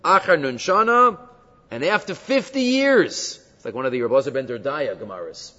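Teaching a Talmud class, a Torah teacher explains texts in English sprinkled with Hebrew terms, checking in with frequent rhetorical questions. His mid-range voice is sing-song, bright and forceful at a moderate pace. The recording is dull and lo-fi with long hall reverb.

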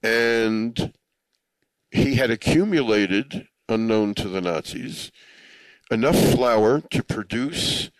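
A man with a low-pitched voice tells a heartfelt personal story at an unhurried pace. He sounds earnest and reflective, chokes up easily, and weaves in Hebrew and Yiddish religious words. The recording is dry and close. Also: no echo, low-quality recording. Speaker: speaker telling a story to listeners.

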